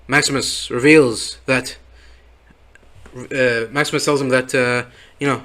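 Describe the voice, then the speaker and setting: A man's voice: medium pitch, steady tone, unhurried, fairly bright tone. A man casually recapping a show episode in a rambling way, with many fillers and chuckles. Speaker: show reviewer.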